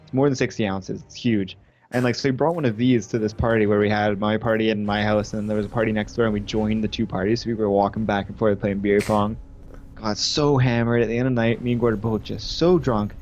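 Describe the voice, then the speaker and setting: A young man in his twenties telling a rowdy story on a gaming stream, animated and swearing freely. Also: lowish voice, quick pace, dull audio, a little hiss or hum. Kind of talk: casual chat on a gaming stream.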